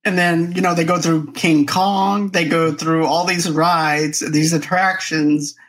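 A man guesting on a podcast, chatting about a movie and quickly recalling scenes. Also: fairly high pitch, steady tone, fairly bright tone. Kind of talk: casual movie review chat.

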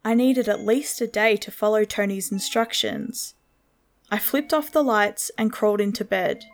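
A woman narrating a horror story in a slow, measured storytelling manner. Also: mid-range voice, animated.

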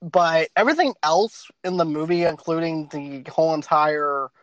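A man's voice: fairly high pitch, moderate pace, fairly bright tone, no echo, dull audio. A man hosting a casual podcast chat, rambling and laughing often between his points. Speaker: podcast host.

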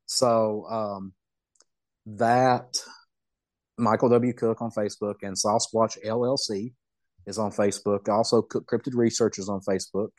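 Low, dry-voiced man. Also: fairly even intonation, a little slow, no echo. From Southeast Kentucky. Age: middle-aged. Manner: folksy, rambling, self-amused. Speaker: podcast guest. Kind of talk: casual storytelling.

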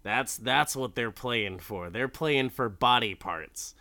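A man's voice: medium pitch, slow pace, bright, forceful tone, no echo. A man casually recapping a film in a rambling, profane way with many restarts.

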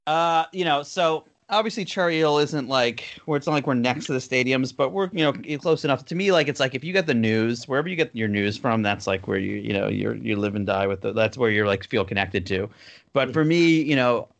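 A man's voice: mid-range voice, a little fast, vocal fry. A man in his thirties from New Jersey, a podcast guest telling stories in a loose, rambling way full of fillers. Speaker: podcast guest, cartoon creator. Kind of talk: casual storytelling.

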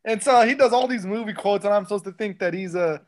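Young man, higher voice, sarcastic, animated casual chat. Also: fast talker. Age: young adult. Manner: animated, sarcastic, restarts often. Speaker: podcast co-host.

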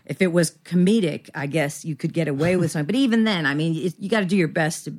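A woman's voice: sits low, fast, a little mellow. A woman in her fifties, a guest actress in a casual podcast interview, rambling and self-deprecating with many restarts.

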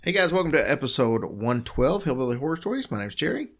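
A man's voice: mid-range voice, sing-song, fast, very noisy. A man co-hosting a podcast in easygoing, rambling casual chat, with plenty of fillers. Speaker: podcast co-host.

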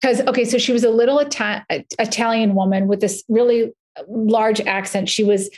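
Chatty high-voiced woman podcast guest. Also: moderate pace. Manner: chatty, animated storytelling with frequent "like". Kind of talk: casual podcast conversation.

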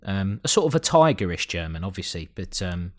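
A man's voice: sits low, very animated, brisk. A man co-hosting a podcast, rambling and joking as he recaps a show, swearing freely. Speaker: podcast co-host. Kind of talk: casual chat.

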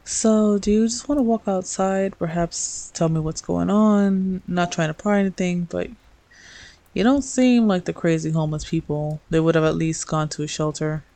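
A woman voicing a scruffy, stern man who is gruff but gentle, speaking in plain, low reassurance in a fanfic reading. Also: fairly even intonation, moderate pace, no echo, lightly acted. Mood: curious.

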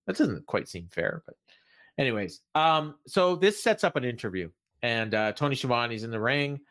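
A man's voice: medium pitch, very animated, normal speed, fairly bright tone. A man co-hosting a podcast, recapping wrestling in a casual chat and raising his voice to act out the quoted lines. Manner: recaps at length, acting out quoted lines in a raised voice. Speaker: podcast co-host.

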